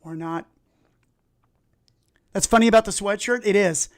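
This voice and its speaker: A middle-aged man with an Appalachian accent, chatting casually and excitably while streaming video games and telling rambling stories. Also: high voice, a little slow. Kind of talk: casual live-stream chat while gaming.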